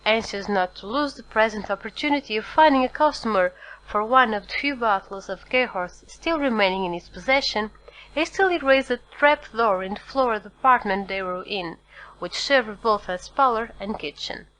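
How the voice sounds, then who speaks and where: A woman reading a classic novel aloud as audiobook narrator, steady and formal. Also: a little high, normal speed, poor audio. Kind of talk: scripted narration.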